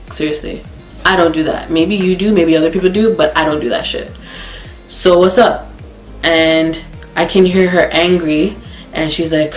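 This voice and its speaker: A young woman from Canada with a low voice tells a story in a blunt, profane, animated way. She speaks in an echoey room, with faint music playing underneath. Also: normal speed. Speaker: vlogger. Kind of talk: casual storytime.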